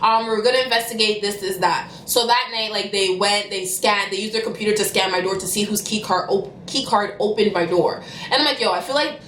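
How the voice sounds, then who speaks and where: A young woman telling a storytime vlog. She talks fast and animatedly, and bursts into loud cussing. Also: mid-range voice, reverberant, slight background noise. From Canada. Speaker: vlogger.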